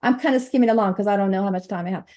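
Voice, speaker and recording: A middle-aged woman giving a chatty, animated nutrition presentation over slides, laughing often. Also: medium pitch, very fast.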